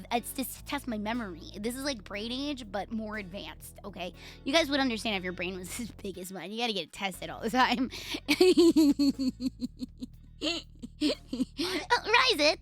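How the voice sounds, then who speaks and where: A woman's voice: fairly high pitch, a bit bright. A woman with a Puerto Rican accent chatting casually on a live stream, playful, profane and teasing herself and her viewers.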